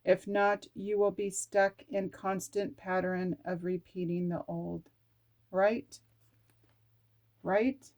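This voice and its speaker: Unhurried, a middle-aged woman works through her oracle cards, reading their words aloud and chatting to herself between them. Her tone is earnest and candid, with the odd casual curse. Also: mid-range voice, level tone, a little mellow. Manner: chatty, talks to herself while reading card texts aloud. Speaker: oracle card reader. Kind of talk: casual spiritual card-reading vlog.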